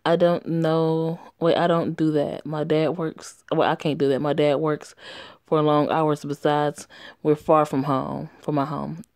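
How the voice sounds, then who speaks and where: A woman's voice: deep voice, level tone, measured pace, a little mellow, no echo, clean studio sound. A woman voicing a brash, foul-mouthed teenage tomboy who talks back defensively. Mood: reluctant. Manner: crude, swearing, defensive.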